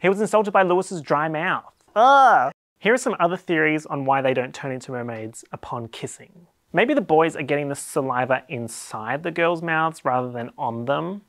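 A man's voice: a little high, moderate pace, a bit bright, dry recording. An Australian man hosting a comedic explainer video, talking in a playful, wry and sarcastic way. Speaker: YouTube host.

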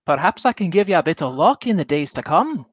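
A man's voice: fairly high pitch, sing-song, fast talker, no room sound. A theatrical traveling fortune teller, put on by a man, rolls out grand pronouncements with a salesman's flourish. The sound is dry and close. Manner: grandiose, showy salesman patter. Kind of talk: tabletop game role-play.

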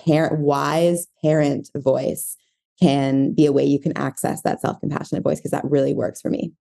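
A woman with a low voice and a gravelly edge talks through her thoughts as a parenting coach. Her tone is dark and mellow. She is reflective and searches for words, with plenty of fillers. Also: little pitch movement, moderate pace. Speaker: parenting coach, podcast guest. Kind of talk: casual interview talk.

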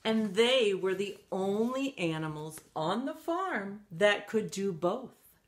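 A woman reading a picture book aloud to children, animated and stopping to ask her young listeners questions. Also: medium pitch, slow pace. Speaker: children's story reader.

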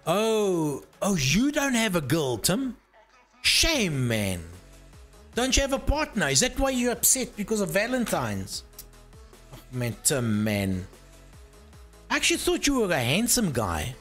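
High, lively man streaming. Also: measured pace, faint music behind. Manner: loose, swearing, teasing chatter while tinkering with hardware. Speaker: live streamer. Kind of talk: casual live-stream chat.

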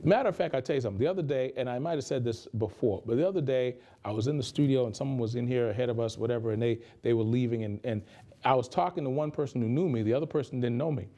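Man, pastor, conversational sermon, warm mellow tone, repeats key phrases. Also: mid-range voice, rapid-fire. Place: radio studio.

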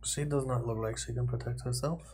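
A man's voice: medium pitch, fairly even intonation, a little fast, darkish tone, husky. A man playing a tabletop game, mixing casual talk with formal lines in character. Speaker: player.

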